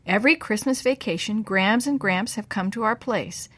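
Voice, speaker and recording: A woman's voice: mid-range voice, moderate pace, fairly bright tone, no echo, lightly acted. A woman reading aloud and voicing a teasing, take-charge boy who gives firm, reassuring orders. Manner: bossy, reassuring. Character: steady, teasing older brother, a boy.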